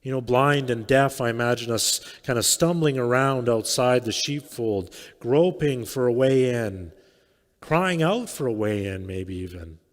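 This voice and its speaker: A man's voice: mid-range voice, unhurried. Reflective male pastor in a reverberant church. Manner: reflective, with quiet trailing phrases. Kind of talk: sermon. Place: church sanctuary.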